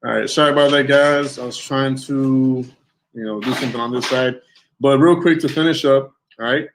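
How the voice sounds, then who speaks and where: A man's voice: medium pitch, normal speed, background noise. Easygoing male interview host. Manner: relaxed, easygoing, often trails off with fillers. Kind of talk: casual interview chat.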